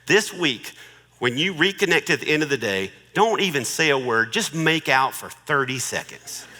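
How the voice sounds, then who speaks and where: Middle-aged guy cracking jokes in a marriage talk, bright voice, long hall echo. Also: on the high side, lively intonation, moderate pace. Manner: joking, conversational, warmly persuasive. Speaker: marriage speaker.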